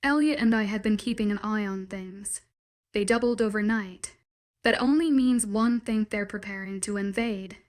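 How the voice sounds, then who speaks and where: A woman's voice: mid-range voice, moderate pace, lightly acted. A woman reading a curt, angry werewolf man. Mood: stern. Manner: curt, clipped orders.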